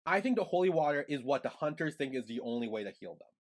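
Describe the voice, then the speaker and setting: A man's voice: fairly high pitch, fast talker. Easygoing man recapping a show. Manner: relaxed, recaps the plot with many "like"s and quoted lines. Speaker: podcast co-host. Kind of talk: casual recap chat.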